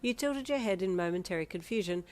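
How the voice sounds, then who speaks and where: A woman reading a fan story aloud in the second person, telling it at a steady storytelling pace. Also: medium pitch, quick pace. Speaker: story reader.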